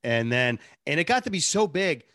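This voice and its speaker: Man, radio producer, animated storyteller, dry close mic. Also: on the high side, moderate pace, dry recording. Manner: animated storyteller, laughs often. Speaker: radio show producer and personality. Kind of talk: casual interview chat.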